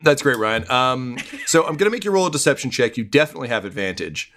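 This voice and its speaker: A man narrating as game master in relaxed, filler-heavy speech. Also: medium pitch, fast talker, soft background music.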